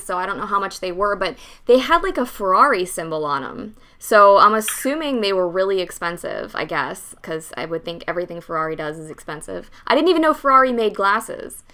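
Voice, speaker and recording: A young woman hosting a podcast, telling a story in a casual, animated way, acting out the dialogue and swearing freely. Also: mid-range voice. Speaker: podcast host.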